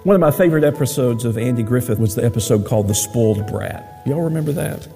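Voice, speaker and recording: A man's voice: mid-range voice, expressive, fast, creaky, warm tone, big-room sound, soft background music. A man preaching a sermon, telling stories in a folksy way. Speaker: pastor.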